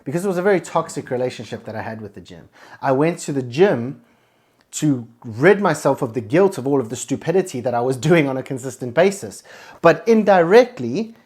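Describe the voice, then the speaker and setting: A man's voice: mid-range voice, lively intonation, fairly quick, a little mellow, slightly rough. A man hosting a podcast, giving a blunt, emphatic motivational monologue full of swearing. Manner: blunt, heavily profane, emphatic. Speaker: podcast host.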